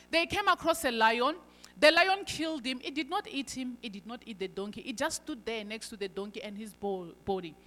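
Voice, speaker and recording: Emphatic woman, preaching, high voice, echoing church hall. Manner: emphatic, swinging between loud stresses and quiet asides. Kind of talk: sermon. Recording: long hall reverb.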